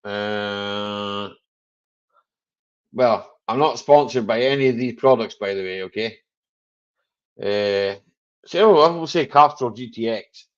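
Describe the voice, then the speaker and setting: A man's voice: on the low side, takes it slowly, long pauses, clean tone, highs cut off. A man hosting a casual live chat stream, jokey and rambling, chuckling often.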